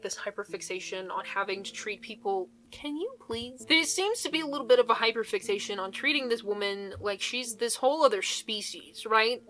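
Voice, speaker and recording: A woman's voice: on the high side, bright, forceful tone, low-quality recording. A young woman reading online posts aloud and reacting with blunt, incredulous commentary and laughter. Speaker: YouTuber reading Reddit posts.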